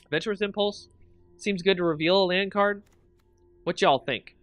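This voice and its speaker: A man hosting a stream, commenting casually on his game picks and talking with chat, excitable and quick to laugh. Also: high-pitched, dry recording, muffled recording, soft background music. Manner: excitable, chatty, thinks aloud and laughs a lot. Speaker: streamer and channel host.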